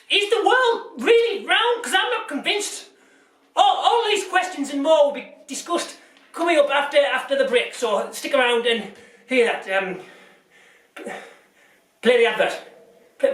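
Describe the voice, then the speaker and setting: A bumbling, bigoted news anchor, as a comedian puts him on, stumbling through his lines and flaring into rants. The voice sits high for a man. It sounds echoey and a little off-mic. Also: lively intonation, unhurried, long pauses, a bit bright, recorded from a distance, full character voice. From Britain. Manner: rambling, stumbling, bursts into rants. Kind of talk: parody news presenting.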